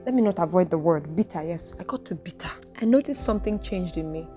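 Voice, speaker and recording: Woman, podcast host, outspoken, expressive, preachy, lowish voice, faint music underneath. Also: quick pace. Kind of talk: reflective solo podcast monologue.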